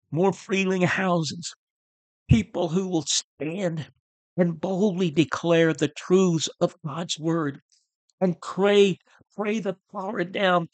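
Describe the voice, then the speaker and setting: A man's voice: fairly high pitch, dry recording. A man hosting a podcast, teaching church history in an earnest, preacher-like way, often repeating words. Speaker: host.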